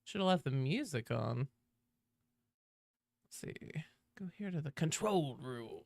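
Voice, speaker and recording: A woman streamer chatting casually with her viewers while gaming. She swears freely and greets people in a high sing-song. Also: expressive, takes it slowly, vocal fry, long pauses, darkish tone, no echo. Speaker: game streamer.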